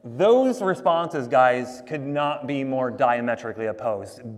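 A man's voice: mid-range voice, lively intonation, slow pace, few pauses. A man preaching a sermon, conversational and emphatic, talking to the congregation as guys. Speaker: pastor. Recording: long hall reverb.

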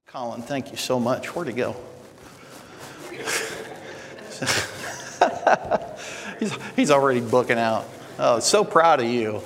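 A man's voice: medium pitch, lively intonation, takes it slowly, pauses often, background noise. A man teaching at church, telling stories in a folksy way with many fillers. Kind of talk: sermon. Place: church hall. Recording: long hall reverb.

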